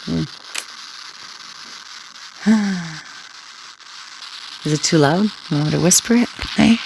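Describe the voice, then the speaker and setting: A woman talks in a low, gravelly voice full of vocal fry. She rambles in a crude, taunting way, throwing tag questions at her listeners. A faint hiss sits under her voice. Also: takes it slowly, long pauses. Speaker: scanner livestreamer talking to listeners. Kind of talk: rambling casual monologue.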